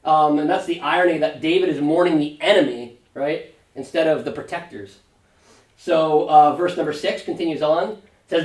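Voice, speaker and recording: A pastor leading a Sunday school Bible study, talking conversationally and often checking in with a quick "right?". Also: male voice, on the high side. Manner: conversational, fond of tag question "right?"; animated when paraphrasing scripture figures. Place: church classroom. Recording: roomy church room, mic at a distance.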